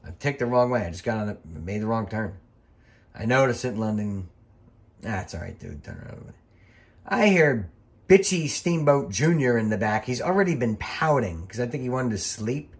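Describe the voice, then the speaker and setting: A man's voice: mid-range voice, animated. A middle-aged man, a former wrestling referee, giving casual, rambling commentary over old match footage and swearing freely as he gets worked up. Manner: rambling, chatty, profane, quick to get worked up.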